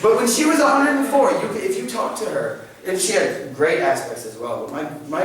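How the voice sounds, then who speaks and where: A man teaches a church class with an animated, joking, conversational delivery, his voice sitting a little high. He is picked up from a distance, so his words bounce around a very echoey hall. There is a faint hiss of room noise underneath. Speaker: church catechist speaker.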